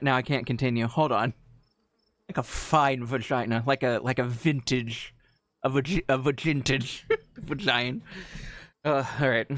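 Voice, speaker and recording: A man's voice: mid-range voice, a bit bright, no echo. A man live-streaming a game to his chat, giggly and rambling as he reads lines aloud.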